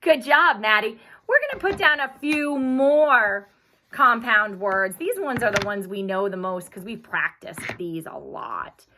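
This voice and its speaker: A woman teacher giving a phonics lesson, patient and encouraging, speaking slowly and clearly. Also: fairly high pitch, animated, bright, forceful tone, slight background noise.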